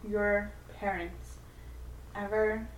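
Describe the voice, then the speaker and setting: A woman in casual chat, chiming in quickly with jokes. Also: medium pitch, fairly even intonation. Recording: roomy, distant, faint background noise.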